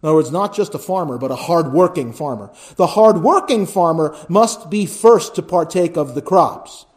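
A pastor with a high, expressive voice preaches at a normal speed, building to loud, emphatic lists before dropping to quiet pleading. He keeps asking the congregation "right?" to check in with them.

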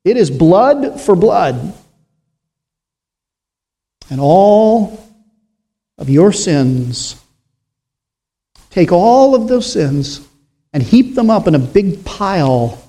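A man preaching a sermon in a slow, solemn way, with dramatic pauses and rising emphasis. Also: a little high, lively intonation, dark tone.

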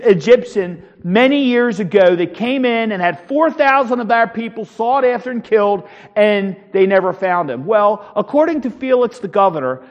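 A man with a high-pitched voice delivers a dramatic sermon, rising to loud declarations and dropping to hushed lines as he acts out scripture and shouting crowds. His voice rings with a long hall reverb. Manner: dramatic, swings from loud declaring to low near-whispers. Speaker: preacher.

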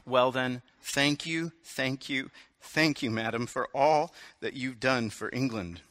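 A man's voice: medium pitch, slow, a bit bright, no room sound. A man reading aloud as a tired, humble poor villager who speaks earnestly and pleads for help. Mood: grateful.

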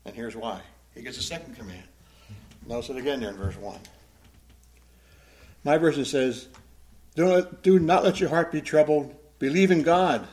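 A man's voice: medium pitch, normal speed, long pauses, darkish tone. A man preaching a Bible-teaching sermon in a conversational way, often asking the congregation questions and repeating words as he goes. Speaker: pastor.

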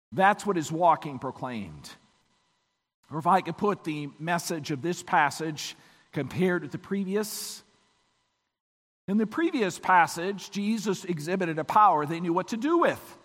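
A man preaching a sermon as pastor, his voice weakened this morning, swinging from hushed moments to emphatic peaks. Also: sits high, in a large hall. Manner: dramatic swings from quiet to emphatic. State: weak voice.

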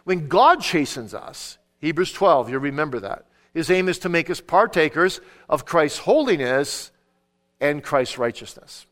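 A middle-aged man preaching at a conference, his fairly high voice earnest and emphatic. He drops to a quiet, storytelling tone when he shares anecdotes, and quotes scripture with measured weight. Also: expressive. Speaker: conference speaker on parenting. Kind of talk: sermon-style teaching talk.

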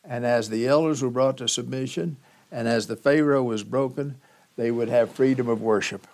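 A man preaching a sermon as pastor, teaching slowly and emphatically with dramatic pauses. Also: mid-range voice, darkish tone.

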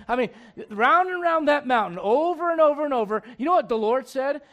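A man in his thirties delivers a sermon in a strikingly high voice. He talks to the congregation like a friend, punching certain lines loudly before falling back to quiet, almost private remarks. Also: quick pace, few pauses. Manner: conversational preaching, swinging between loud emphasis and hushed asides. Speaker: pastor.

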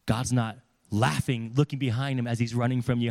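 Guy preaching a sermon, middle pitch, talks to the crowd like a chat and acts out voices. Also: fairly quick, hardly any pauses. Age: adult with children. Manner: animated, acts out quoted voices.

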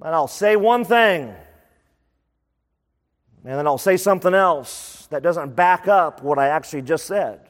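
A man preaching a sermon as a pastor, lively and conversational, repeating words for emphasis. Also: on the high side, a little slow, pauses often. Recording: long reverb of a large hall.

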